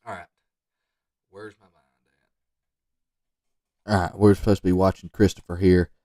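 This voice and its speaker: A man with a low voice talks over football highlight film in loose, rambling commentary, and he keeps sliding into joking asides aimed at the players. He sounds dry and set back from the mic. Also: little pitch movement, moderate pace, warm tone, dry recording, far from the mic. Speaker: football recruiting video reviewer. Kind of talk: off-the-cuff commentary on game film.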